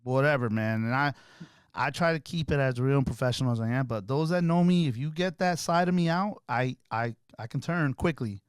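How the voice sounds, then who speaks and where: A man's voice: medium pitch, a little fast, smooth, no echo, clean studio sound. A middle-aged man, a podcast guest, telling stories in a casual street manner and acting out the people in them. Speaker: podcast guest, artist and photographer. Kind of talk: animated storytelling.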